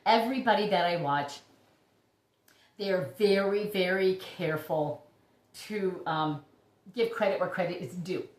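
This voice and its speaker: A woman hosting a casual vlog about her orchids, chatty and gushing with breathy exclamations. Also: on the low side, measured pace, pauses often. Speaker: orchid YouTuber. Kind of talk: casual show-and-tell vlog. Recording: echoey room.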